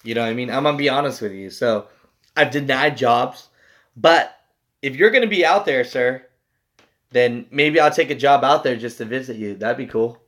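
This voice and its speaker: A man's voice: mid-range voice, normal speed, fairly bright tone. A young man, a truck driver, telling a story to his viewers in a loose, rambling way. He swears freely and fills his talk with "like" and "you know.". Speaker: truck driver and channel host.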